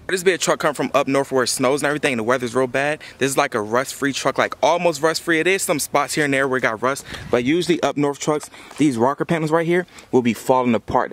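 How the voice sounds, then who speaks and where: A young man, talking fast and casually to the camera as a truck vlogger. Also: mid-range voice, a bit bright. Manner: fast-talking, says y'all a lot. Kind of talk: casual vlog talk to camera.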